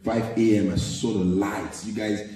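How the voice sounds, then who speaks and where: A Nigerian man with a Nigerian accent performing animated live stand-up comedy. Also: on the low side, unhurried. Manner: animated, storytelling. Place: live venue hall. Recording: echoey live hall, distant mic.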